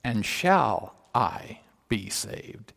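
A man voicing a dignified male English bishop, speaking slowly and solemnly in a low voice, recorded in a church. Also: sing-song, gravelly, a bit bright, long reverb tail, full character voice.

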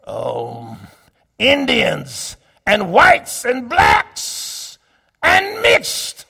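A middle-aged male pastor preaching a sermon, swinging between hushed asides and shouted climaxes. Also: a little high, vocal fry, husky. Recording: long reverb of a church hall.

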